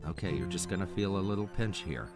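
Blunt game crew dude, low voice, fast talker, loud music behind. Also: male voice, expressive. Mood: reassuring. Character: male crew member of a storm-trapped search team, blunt.

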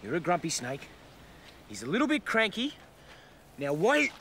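Australian male wildlife presenter, higher voice, very animated delivery, noisy outdoor field recording. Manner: excitable and animated, quick exclamations. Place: outdoors in the bush.

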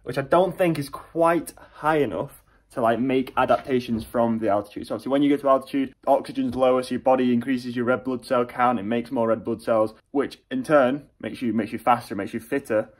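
A man's voice: mid-range voice, a little fast, no echo, poor audio. A young man chatting casually to camera as he vlogs a cycling trip outdoors on a mountain road, joking and teasing his friend. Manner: chatty and jokey, loud whoops while riding. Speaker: cycling vlogger. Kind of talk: casual vlog chat.

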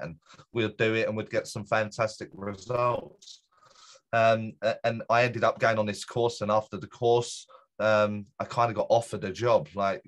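A man's voice: lowish voice, fairly bright tone. A middle-aged man, a guest medium, telling a personal story in a rambling way, full of fillers and restarts. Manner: rambling, self-correcting, many fillers. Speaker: guest, spiritual medium and teacher. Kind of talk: casual storytelling in an interview.

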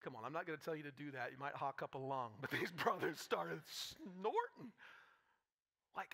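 High, bright-voiced pastor preaching. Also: male voice, normal speed, gravelly. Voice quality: animated, repetitive restarts, preachy asides. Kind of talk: live sermon.

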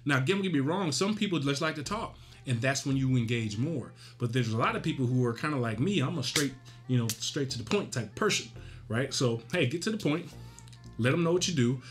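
A man's voice: medium pitch, expressive, a little fast, soft background music. A man hosting a real estate coaching video, talking straight to the point and punctuating his points with tag questions. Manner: direct, emphatic, frequent "right?" tag questions. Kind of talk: casual instructional talk.

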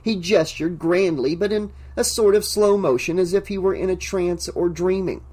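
A man narrating an audiobook in a measured, even storytelling manner. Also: high-pitched.

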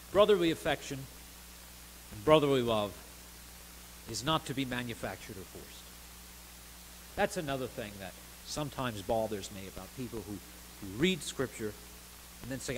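Animated male pastor preaching. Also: mid-range voice, slight background noise, rough recording. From United States. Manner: earnest preaching with swells of emphasis and soft drops. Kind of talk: sermon. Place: church sanctuary.

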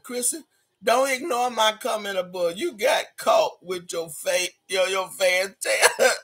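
A man hosting a casual live stream, reading viewer comments aloud with loud, laughing, sassy banter. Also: sits high, slightly rough.

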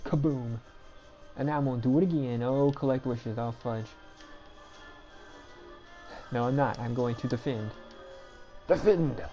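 A woman giving casual, chatty commentary as she plays through a game, with quick self-deprecating asides. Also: extremely low pitch, gravelly, warm tone. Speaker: gameplay commentator.

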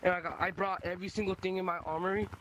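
A man's voice: high voice, flat delivery, racing, over a noisy crowd. A young man chatting casually while playing a game with friends, rambling and laughing often. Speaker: gamer streaming with friends. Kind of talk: casual gaming chat. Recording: noisy game stream audio.

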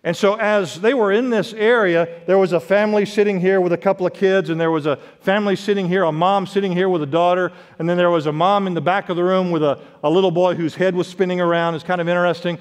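Male pastor, high voice, dynamic sermon delivery, long church-hall reverb. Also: fairly even intonation, fast, hardly any pauses, clear, resonant tone. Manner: preaching with sharp swings in pitch and volume, quotes scripture. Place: church sanctuary.

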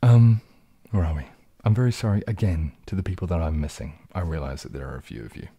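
A man with a low, husky, mellow voice chats softly on a relaxed ASMR livestream. He rambles gently through viewers' questions and sometimes slips into a whisper. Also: fast. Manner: relaxed, rambling, drops into whispers, reads chat aloud. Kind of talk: casual soft-spoken livestream chat.

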